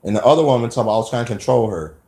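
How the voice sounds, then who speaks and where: A man's voice: mid-range voice, animated, rapid-fire, creaky, dark tone, roomy sound. A man talking emphatically in a rambling personal monologue, often restarting his sentences. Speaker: vlogger.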